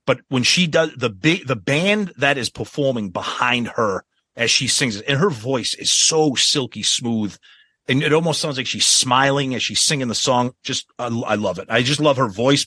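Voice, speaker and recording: A man's voice: mid-range voice, animated, moderate pace, bright, forceful tone, slightly rough, dry recording. A man co-hosting a podcast, talking with gushing enthusiasm about the music he loves in casual chat. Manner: enthusiastic, gushing fan talk. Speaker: podcast co-host.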